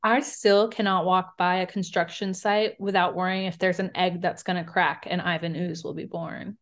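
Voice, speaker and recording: A woman's voice: fairly low pitch, little pitch movement, normal speed. A woman co-hosting a casual podcast, joking around and laughing often between her lines. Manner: playful, laughs often, jokes in a mock alien voice. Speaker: podcast co-host. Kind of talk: casual chat.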